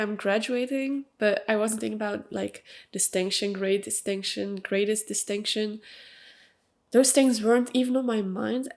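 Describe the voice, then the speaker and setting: A woman's voice: mid-range voice, creaky, darkish tone. A young woman from Belgium with a Belgian accent and a nasal voice, chatting casually and emphatically on her own podcast with lots of fillers. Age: young adult. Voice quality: nasal from allergies. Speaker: podcast host. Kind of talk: personal casual monologue. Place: at home with cats.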